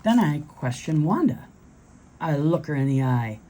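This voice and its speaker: A woman reading a children's storybook aloud, gentle and expressive. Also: low voice, unhurried, slight background noise, low-quality recording.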